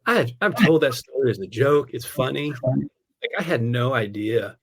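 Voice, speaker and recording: An American pastor and parent, an adult, shares a personal story in casual conversation. His mid-range, slightly rough voice moves at a moderate pace, and he's animated, laughing often and peppering his talk with "like" and "man."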